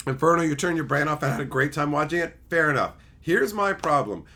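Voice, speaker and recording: Male streamer, middle-aged, loose profane rants to chat, bright forceful voice. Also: medium pitch, normal speed. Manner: animated, swears often, mocks logic gaps. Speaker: livestream host reading chat. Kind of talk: casual livestream chat.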